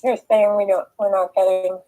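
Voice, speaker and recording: A woman's voice: medium pitch, little pitch movement, moderate pace, dark tone, poor audio. A young woman chatting casually during a tarot reading game, hesitant and giggly with nervous rambling. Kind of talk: casual chat.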